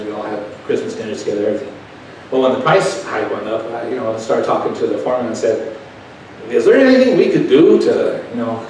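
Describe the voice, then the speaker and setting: A man's voice: medium pitch, darkish tone, slight background noise. A middle-aged man preaching a sermon, telling personal stories in a folksy, conversational way and asking the crowd questions. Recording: echoey hall, taken from far off.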